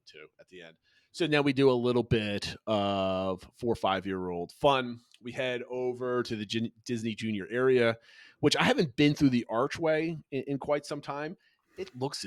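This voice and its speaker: A middle-aged man co-hosting a podcast, telling trip stories in a lively chatty way with frequent restarts. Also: fairly low pitch, no room sound. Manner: animated storytelling with frequent restarts. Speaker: podcast co-host, father. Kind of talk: casual chat.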